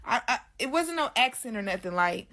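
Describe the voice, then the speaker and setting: A woman's voice: a little high, sing-song, a little fast, sharp tone. A woman as a guest, casually telling her own story in loose, slangy speech and often addressing listeners as "y'all".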